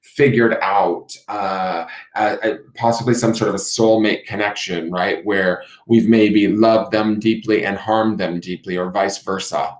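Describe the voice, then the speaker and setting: A man giving a live-streamed tarot reading, musing and intuitive, often pausing on fillers and asking "right?". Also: on the low side, fairly even intonation, reverberant. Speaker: tarot reader.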